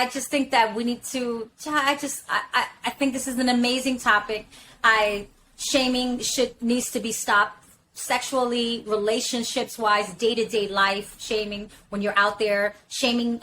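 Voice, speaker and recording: A woman's voice: a little high, sharp tone, slight background noise, low-quality recording. A woman talking candidly on a podcast, emphatic and swearing freely, leaning on fillers like "literally" and "you know what I'm saying". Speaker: podcast talker. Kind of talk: casual podcast discussion.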